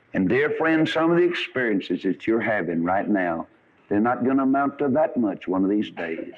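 Man, preacher, folksy sermon storytelling, muffled radio recording. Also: medium pitch. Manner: folksy storytelling, rising and falling emphasis. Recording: dull lo-fi radio broadcast.

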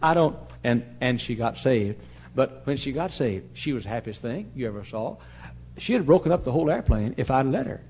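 A man's voice: medium pitch, slightly rough. An older man preaching a sermon, telling a story and acting out both sides of a conversation, laughing now and then. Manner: animated storyteller who acts out the voices in the story and laughs as he talks.

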